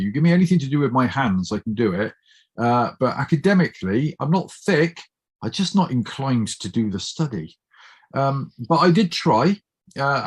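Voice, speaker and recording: A man's voice: medium pitch, husky. A middle-aged man with a Bristol accent, chatting openly as a guest and telling personal stories in an anecdotal way. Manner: chatty, anecdotal, open and warm-hearted. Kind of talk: casual storytelling chat.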